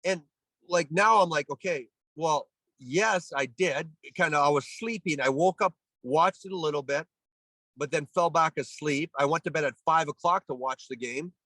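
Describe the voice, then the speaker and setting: A man's voice: fairly high pitch, moderate pace, no room sound. A Canadian man in his forties, a former pro athlete, telling a story in an interview with lots of restarts and acted-out quotes. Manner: animated storyteller, acts out voices, many restarts. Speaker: guest, former pro baseball player.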